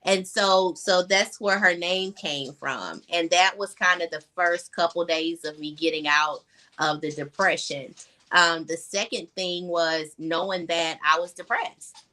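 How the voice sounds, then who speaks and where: Her voice is lowish and sharp, fairly even in intonation and a little slow. She's a young adult woman joining a video call as a guest, recounting her personal story with candor, plenty of fillers, and occasional moments where she chokes up.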